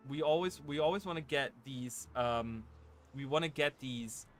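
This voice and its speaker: A man's voice: mid-range voice, normal speed, slight background noise. A man hosting a casual let's-play, rambling along with lots of fillers and rhetorical "right?" checks. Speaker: gaming channel host. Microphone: desk microphone. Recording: game music playing under the voice.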